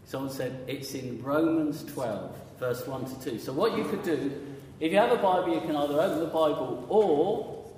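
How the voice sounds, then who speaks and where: A man's voice: fairly high pitch, animated, moderate pace, few pauses, warm tone, a little hiss or hum. A man preaching a conversational sermon, often quizzing his audience with questions. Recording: echoey hall with long reverb.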